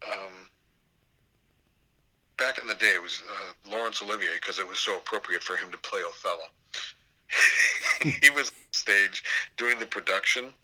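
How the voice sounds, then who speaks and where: An older man, a theater professor, telling anecdotes in an interview with an animated, storytelling manner. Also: fairly low pitch, poor audio. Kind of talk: storytelling interview over a call.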